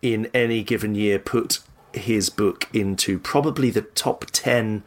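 A man's voice: on the low side, a little slow. Hesitant, pedantic man producer. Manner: hesitant, pedantic, stumbling over words. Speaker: radio producer. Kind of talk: comic radio chat.

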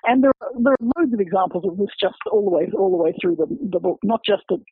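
A man, a researcher, explaining his book's findings in an academic, halting way, full of repeated words and fillers. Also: high-pitched, lively intonation, slightly rough, dry recording. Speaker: researcher discussing his book. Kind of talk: explanatory interview talk. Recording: dry, phone-like radio line.

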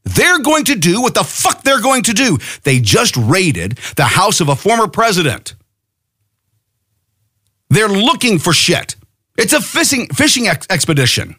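Man, furious podcast rant, swings wildly up and down in pitch, dry close sound. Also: wildly swooping pitch, unhurried, bright, forceful tone, no room sound. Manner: impassioned, profane, rhetorical questions. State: angry. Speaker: podcast host. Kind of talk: angry political monologue.

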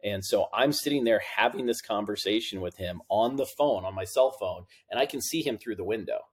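A man's voice: on the low side, brisk, breathy edge. A middle-aged man, a guest on an interview podcast, telling anecdotes in a casual way and acting out the dialogue he quotes. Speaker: podcast guest, compliance officer.

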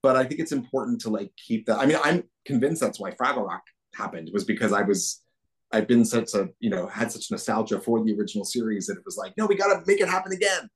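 A man's voice: lowish voice, fast. A man being interviewed as a guest, talking in an enthusiastic, reflective way with many restarts. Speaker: puppeteer guest. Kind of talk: casual interview chat.

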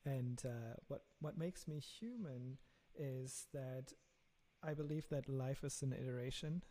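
A man's voice: mid-range voice, measured pace, mellow. A man with a German accent, a startup founder talking earnestly in an interview, often repeating words as he thinks. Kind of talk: casual interview talk.

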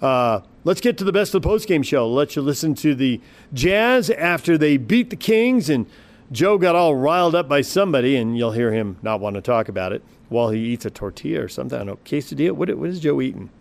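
A man's voice: mid-range voice, expressive, brisk, creaky. A man hosting a sports radio show, introducing postgame clips in an offhand, joking way.

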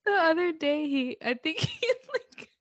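A woman's voice: extremely high pitch, big pitch swings, a little slow, no echo, lo-fi sound. A young woman co-hosting a casual podcast chat, laughing often as she tells stories about her kids. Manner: laughs a lot while telling stories. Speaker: podcast co-host.

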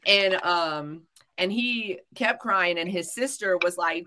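A woman's voice: medium pitch, moderate pace, pushed and bright, a little hiss or hum. A young woman telling a story in a casual podcast chat, blunt and full of profanity. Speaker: podcast co-host.

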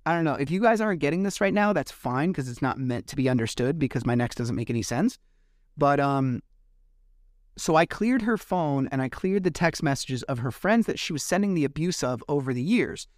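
A man's voice: a little high, lively intonation, a little fast, no room sound, clean studio sound. A man hosting a podcast, retelling events casually and animatedly, acting out quoted exchanges and swearing at times. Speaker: podcast host. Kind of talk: casual monologue recap.

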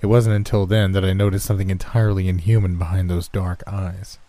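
Man, very deep voice, dark mellow tone, steady horror story narration. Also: a little fast. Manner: steady first-person storytelling. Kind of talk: scripted narration.

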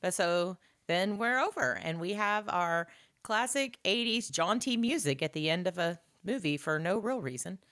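A woman chatting casually about an old movie, sarcastic and animated, acting out the characters in lively voices. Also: lowish voice, moderate pace. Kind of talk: casual movie recap chat.

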